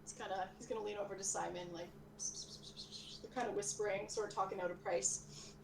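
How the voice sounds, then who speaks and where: A woman runs a tabletop game session, narrating scenes in a loose, relaxed way with lots of fillers. Her pitch sits in a middle range, and a faint hiss lies under her voice. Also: fairly quick, vocal fry. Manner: casual, filler-heavy, relaxed. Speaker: game master.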